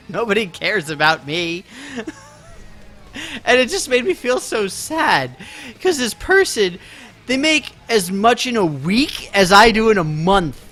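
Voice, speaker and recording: Male game streamer, chatty, mock-offended banter, light laughs, high voice, faint game music behind. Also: animated, slow pace, pauses often, sharp tone. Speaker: live streamer playing a game. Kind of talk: casual live-stream chat.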